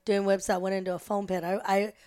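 A woman hosts a relaxed interview, asking questions in a chatty, curious way. Her voice has a middle pitch for a woman. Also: fast, clean tone. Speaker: host. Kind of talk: casual interview.

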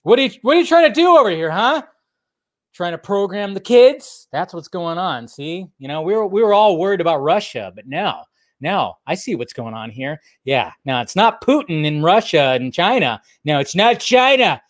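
A man's voice: very animated, normal speed. A man doing a comic impression of a blustering older male politician, firing off indignant rhetorical questions. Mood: mock-indignant. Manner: indignant rhetorical questions, higher pitch than his own voice.

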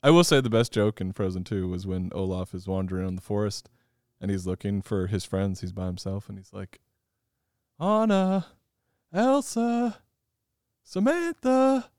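A man in his thirties chatting casually as a podcast host, telling animated stories and laughing at himself. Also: sits low, fairly quick, no room sound, studio quality. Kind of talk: casual chat.

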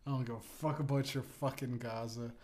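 A man voicing a callous, crude tech billionaire who swaggers and swears bluntly in a middle pitch. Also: fairly even intonation, brisk, warm tone, natural voice. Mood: defiant.

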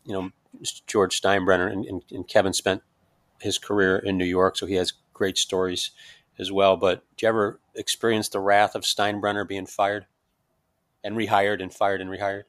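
A man co-hosting a podcast, asking a guest a halting, quick question full of fillers. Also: sits low, level tone, a bit bright, dry recording, studio quality. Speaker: podcast co-host. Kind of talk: casual interview question.

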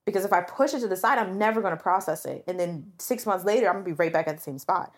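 Chatty woman, animated storyteller. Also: on the low side, quick pace. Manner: chatty, animated, confessional, leans on "like" and acts out quoted voices. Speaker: podcast co-host. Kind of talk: casual chat.

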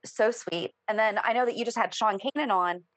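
A woman's voice: a little high, a little fast, no echo. Chatty woman co-host, dry sound. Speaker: podcast co-host. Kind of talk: casual chat.

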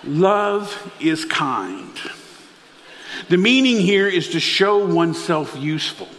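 A man's voice: high-pitched, very animated, slow pace, a bit bright, long reverb tail. A man preaching a sermon, telling stories and asking the congregation questions. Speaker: pastor.

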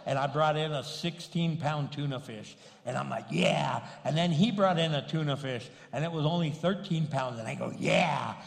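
A middle-aged man, a pastor, telling a story in a sermon with lively delivery and Spanish interjections. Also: a little high, a little fast, vocal fry, hardly any pauses. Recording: long hall reverb.

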